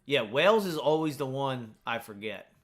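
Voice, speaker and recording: A man's voice: medium pitch, expressive, moderate pace. An American man chatting in a rambling, filler-heavy way while playing a video game. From United States. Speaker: gaming streamer.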